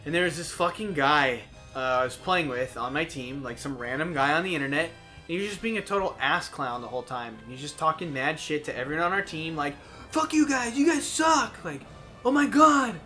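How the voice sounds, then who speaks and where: Bright-voiced man telling a wild story. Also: on the high side, fairly quick, soft background music. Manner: animated storytelling, heavy swearing. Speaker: let's play co-host. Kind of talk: casual gaming chat.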